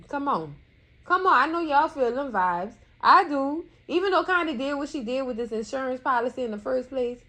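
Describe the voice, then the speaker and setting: A woman with a high voice gives casual TV recap commentary. She talks in a sassy, animated way, throwing scolding asides at the characters and calling her viewers cousins. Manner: colloquial, addresses viewers as cousins.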